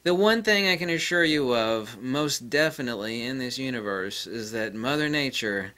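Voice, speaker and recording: A man's voice: medium pitch, animated, normal speed, pushed and bright. A man giving a rambling solo lecture, combative and profane, scornful of his critics. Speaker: channel host.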